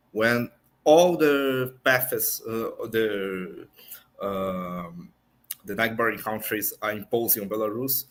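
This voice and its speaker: A man commenting on politics in an online discussion show, earnest and pausing often to search for words in English. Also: on the low side, fairly bright tone.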